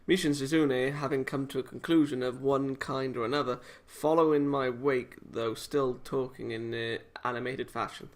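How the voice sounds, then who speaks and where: A let's play host with a medium-pitched, steady voice reads a visual novel aloud at a moderate pace with few pauses. It's a casual read-aloud, and he cuts in with sarcastic, self-mocking jokes.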